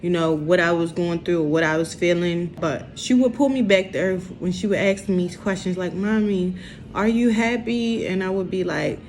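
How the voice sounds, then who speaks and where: Emotional young woman, slow halting speech. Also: lowish voice, fairly even intonation, darkish tone, slight background noise. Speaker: vlogger. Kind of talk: personal confessional vlog.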